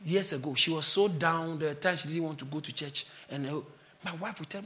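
A man preaches to his church in a strikingly high, bright voice. He spells words out and explains them, and he rises into shouts and laughter as he presses his point. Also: lively intonation, fast talker. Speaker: pastor. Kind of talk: sermon.

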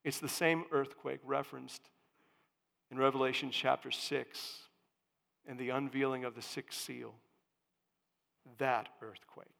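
A male pastor preaching a sermon, dropping to hushed lines and then rising to booming proclamations. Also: flat delivery, unhurried, creaky, long pauses. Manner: dramatic swings from hushed to booming. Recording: long church reverb.

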